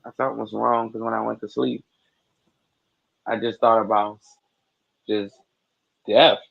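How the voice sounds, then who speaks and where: A man calls in to a live chat and tells his story in a low-key, halting way. His voice sits on the low side and is heavy with gravelly fry. The audio is dull and lo-fi. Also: level tone. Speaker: caller. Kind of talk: casual storytelling.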